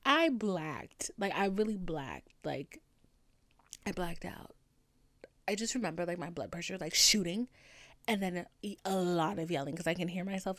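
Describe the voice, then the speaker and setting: A woman in her twenties telling a story to camera in a casual vlog, swearing freely and swinging between hushed near-whispers and loud outbursts. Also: mid-range voice, lively intonation, normal speed, no room sound. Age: 20s. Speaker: vlogger.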